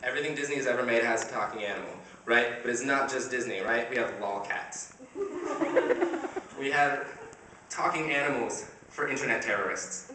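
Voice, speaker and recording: A man's voice: mid-range voice, normal speed. Young man doing stand-up in an echoey hall. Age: young adult. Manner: conversational, asks the crowd "right?" often. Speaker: stand-up comedian. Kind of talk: stand-up comedy set. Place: university comedy competition stage, audience laughing. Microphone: filmed by a shaky camera from the audience. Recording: echoey hall taped from far off, noisy.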